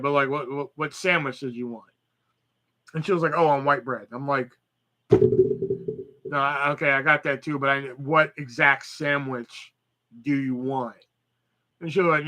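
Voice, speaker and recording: Young man, podcast host, casual profane storytelling, bright and slightly high voice. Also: a little fast. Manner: profane, rambling storytelling with quoted dialogue. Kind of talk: casual live-stream chat.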